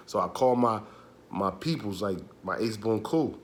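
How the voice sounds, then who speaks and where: A young man telling a true street story in casual, animated, profane slang. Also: on the low side, moderate pace, slight background noise.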